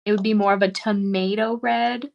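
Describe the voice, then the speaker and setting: A woman's voice: medium pitch, fairly even intonation, normal speed, vocal fry, lo-fi sound. A woman guest on a crafting show, thinking aloud about her choices as she works. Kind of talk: casual crafting chat.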